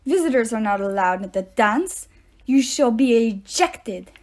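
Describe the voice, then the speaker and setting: A woman's voice: a little high, expressive, unhurried. A woman reading aloud, voicing a stern male military-school teacher with a French accent and a cold, clipped, contemptuous manner.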